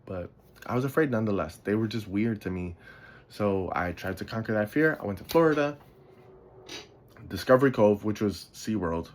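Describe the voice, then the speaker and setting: This podcast host from the Bronx, New York, drifts through casual stories in a monologue, yawning and sleepy. He speaks at a normal pace in a lowish, animated voice. His talk rambles, wanders off track, and includes casual swearing.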